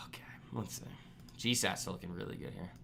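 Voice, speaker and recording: A man's voice: low voice, fast, creaky, noisy background. A man hosting a live trading stream, ranting bluntly and with exasperation at viewers' poor trades. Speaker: trading livestream host.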